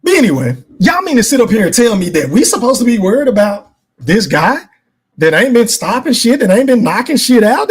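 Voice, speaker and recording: A man's voice: very high voice, very animated, a little fast, breathy edge. A man hosting a podcast, giving an emphatic, profane boxing opinion rant and talking straight to his live chat. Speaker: podcast host.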